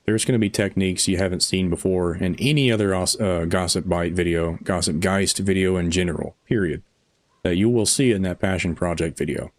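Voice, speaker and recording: A man's voice: low voice, fairly quick. A man live streaming a game, chatting casually with his viewers in a rambling, chuckling way, tired after hours on air.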